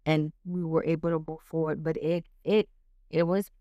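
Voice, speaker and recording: A middle-aged woman with a somewhat low voice speaks hesitantly, restarting her sentences and reaching for words with "you know" and "um". She sounds like she is in a sincere, casual sit-down talk, close to a dry mic. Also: steady tone, moderate pace, mellow, no echo, muffled recording. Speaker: guest, the host's mother. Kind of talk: casual heartfelt conversation.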